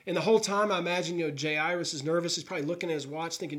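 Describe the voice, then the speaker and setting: A man's voice: fairly high pitch, racing, few pauses, a bit bright. Earnest man preaching a sermon. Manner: earnest storytelling, voicing characters' thoughts. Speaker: pastor. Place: New York.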